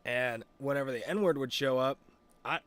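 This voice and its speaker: Young male streamer, casual and rambling, swears a lot, middle pitch. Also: normal speed, a bit bright, clear, resonant tone. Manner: rambling, many fillers and restarts, swears freely. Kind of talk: casual chat.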